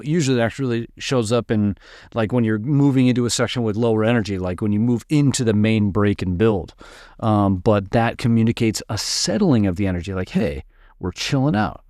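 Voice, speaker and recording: A man teaching music production in a relaxed, upbeat way, walking through a dance track and sometimes mimicking its sounds with his voice. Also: medium pitch, dry recording, clean studio sound. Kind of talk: screen-recorded music production tutorial. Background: dance track playing faintly.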